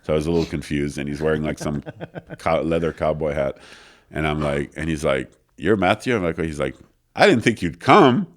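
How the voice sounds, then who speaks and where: A man's voice: a bass voice, a little fast. A man interview guest casually telling a long anecdote in a studio, acting out the other people in it and using many fillers. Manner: animated anecdote with quoted voices, filler-heavy. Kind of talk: casual storytelling. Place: recording studio.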